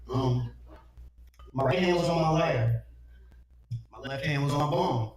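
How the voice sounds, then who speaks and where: A man's voice: a little high, moderate pace, pauses often. A man doing a crude stand-up set, often laughing at his own jokes. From Detroit, USA. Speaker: stand-up comedian. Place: comedy venue with laughing audience. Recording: echoey room, heard from far off, audience noise.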